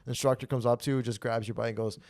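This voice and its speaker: A young man in mid-pitch tells a comedy story casually, swearing freely and building to loud rants. The sound is dry and close, with no room echo. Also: racing. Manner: animated, profane, gets loud when ranting. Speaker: podcast host.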